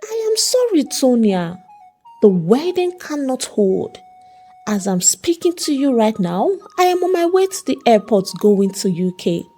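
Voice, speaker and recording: A woman's voice: a little high, mellow. A woman voicing a young man who bluntly apologizes while leaving his bride.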